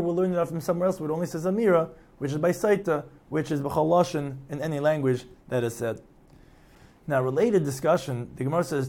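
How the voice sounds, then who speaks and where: Male Talmud lecturer, somewhat raised pitch, steady explanatory delivery. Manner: reads Aramaic text then translates, explanatory. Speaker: Talmud teacher.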